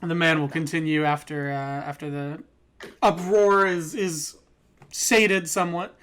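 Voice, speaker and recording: A man's voice: a little high, fairly even intonation, a little slow, fairly bright tone, clear, resonant tone. Man, game master, casual narration, swears a lot, loose and chatty. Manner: casual, laughing, swears freely.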